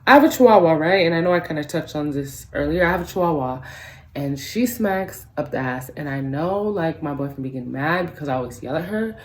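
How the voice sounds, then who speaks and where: A woman's voice: sits low, brisk. Ranting, profane woman vlogger. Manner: casual, rambling with many fillers. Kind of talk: ranting vlog.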